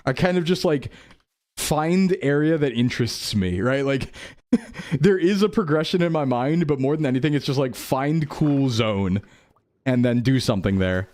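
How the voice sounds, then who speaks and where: A man's voice: mid-range voice, a little mellow. A young man rambling through casual gameplay commentary, jokey and self-mocking. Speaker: streamer.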